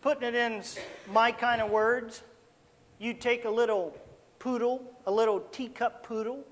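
A man's voice: very high-pitched, steady tone, normal speed, fairly bright tone, big-room sound. A man preaching a sermon in a folksy, emphatic way, calling his listeners folks.

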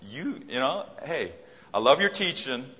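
A man's voice: medium pitch, sing-song, a little slow, sharp tone, in a large hall, pitched above the performer's own voice. Man voicing a grumbling stubborn fisherman.

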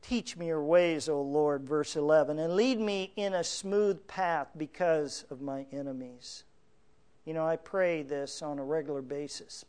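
A man preaching a sermon, reading scripture verse by verse and explaining it, swelling louder on emotional lines and dropping softly on quiet ones. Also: a little high, unhurried, clean tone. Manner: earnest, reads scripture aloud and explains it verse by verse. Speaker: pastor.

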